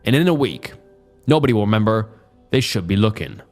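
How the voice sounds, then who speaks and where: Cruel cult leader with a deep Southern drawl, low and quietly menacing, as a narrator puts him on, faint music under. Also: male voice, expressive, a little fast, close to an everyday voice. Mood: quiet menace. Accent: Southern US, put on. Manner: quiet, level, almost bored malice.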